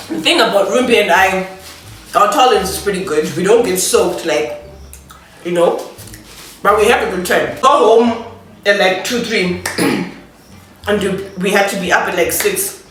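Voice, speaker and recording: A woman's voice: medium pitch, normal speed, a bit bright. Young woman telling a story, echoey. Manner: chatty, laughing, talks while eating. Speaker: vlogger. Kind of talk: casual storytime vlog. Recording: echoey room, distant mic, faint noise.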